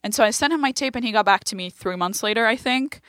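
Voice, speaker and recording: Young female comedian from Lebanon, animated storyteller, dry close-miked read. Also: on the high side, fast talker, dry recording. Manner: animated storytelling, acts out quoted voices. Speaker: comedian guest. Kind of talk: casual chat.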